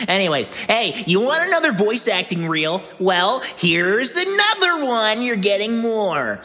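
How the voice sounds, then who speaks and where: A woman's voice: mid-range voice, sing-song, a little slow, hardly any pauses, pushed and bright. A woman delivering a chaotic comedic monologue, manic, profane and giggling, recorded with a long reverb. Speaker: comedy musician.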